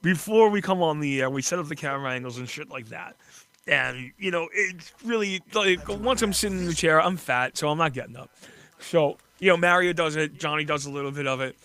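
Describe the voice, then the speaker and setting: A man hosting a talk show, telling stories in crude, animated banter. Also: fairly high pitch, fairly quick. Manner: profane, animated storyteller. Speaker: radio show host.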